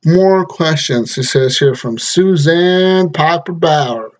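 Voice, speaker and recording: A man's voice: a little high, slow pace, few pauses. A young man hosting a solo gaming podcast, ranting and joking with lots of swearing. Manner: profane, exasperated, joking. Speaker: podcast host.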